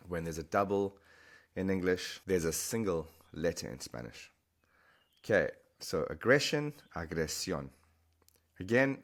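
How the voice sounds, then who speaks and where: A man explaining a language lesson, patiently repeating words slowly for the learner. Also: sits low. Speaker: Spanish teacher.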